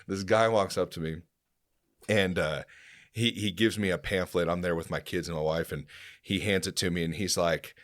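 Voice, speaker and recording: Man, low voice, podcast host, casual chat, animated storytelling, swears. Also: moderate pace. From Kansas City area. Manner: animated storyteller, acts out quotes, swears freely.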